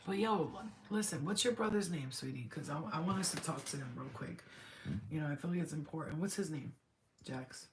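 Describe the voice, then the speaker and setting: A woman's voice: sits low, a little fast, noisy background. A woman medium giving a live channeled reading, rambling and emotional as she speaks to a spirit and to her client.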